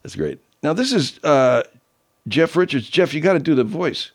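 A man's voice: a little high, animated, moderate pace. A man hosting a show, chatting casually and loosely while he plays listener clips, swearing freely. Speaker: show host playing listener submissions. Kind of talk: casual chat.

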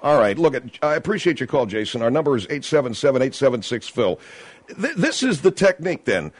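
A man hosts a talk radio call-in show, exasperated and cutting callers off. His pitch moves a lot. The sound is dry and close. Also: big pitch swings, no room sound. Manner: exasperated, quick to cut callers off.

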